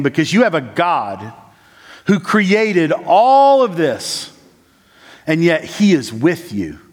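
A church planting resident preaches a sermon peppered with "uh" and "like," moving between raised, urgent lines and low, slow, quiet ones. The recording has long church-hall reverb.

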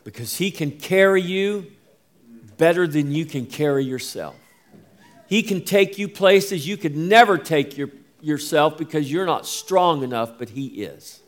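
A man preaching a sermon as pastor, slow and emphatic, rising and falling as he drives each point home. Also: fairly high pitch.

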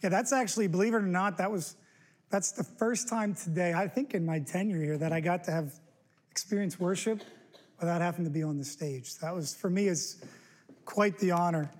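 A man's voice: high-pitched, moderate pace, faint music behind. A man in his forties giving a casual, storytelling sermon to a church congregation, full of asides and restarts. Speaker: guest preacher. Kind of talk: conversational sermon. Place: church sanctuary.

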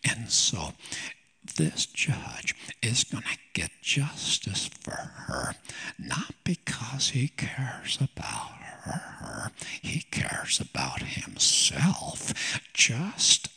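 Husky, gravelly preacher man. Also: mid-range voice, huge pitch swings, drawn-out words, sharp tone, in a whisper. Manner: emphatic, playful asides. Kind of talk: sermon.

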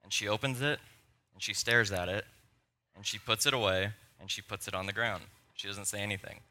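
A young man preaching a sermon, telling personal stories in a conversational, animated way. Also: fairly low pitch, fairly quick. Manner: storytelling, animated and conversational, with laughs. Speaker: pastor.

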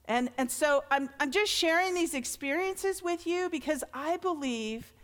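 A middle-aged woman preaches with a high voice, talking to her congregation in a loose, earnest way that rises into emphatic declarations. The sound carries a long hall reverb. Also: animated, measured pace, a bit bright. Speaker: pastor. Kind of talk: sermon.

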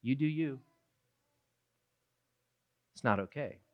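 A preacher giving a sermon, moving from low, quiet reflection to loud, emphatic retelling of a story. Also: slow pace, muffled recording.

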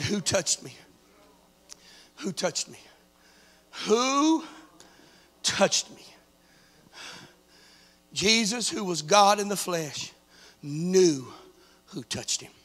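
In a church sanctuary, a man with a high, bright, forceful voice preaches a Pentecostal altar-call sermon. His fervor builds toward urgent exhortation.

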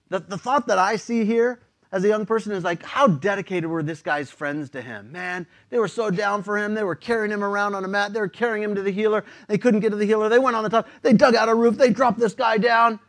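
A man's voice: high voice, brisk, fairly bright tone. A man preaching a sermon in a casual, conversational way, using slang and often repeating words.

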